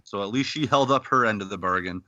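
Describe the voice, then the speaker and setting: A man from Canada hosting a podcast, retelling a wrestling clip in a lively storytelling way with acted-out quotes. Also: fairly low pitch, quick pace, no room sound, muffled recording. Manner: animated storytelling, acting out quotes. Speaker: podcast host. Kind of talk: casual podcast recap.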